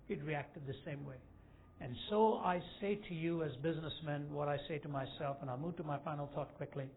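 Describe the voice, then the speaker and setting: A man in his sixties preaches a storytelling sermon, his somewhat high voice climbing to loud, emphatic peaks. The sound is thin and phone-like, with a faint hiss underneath. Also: a little fast. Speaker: evangelist speaker.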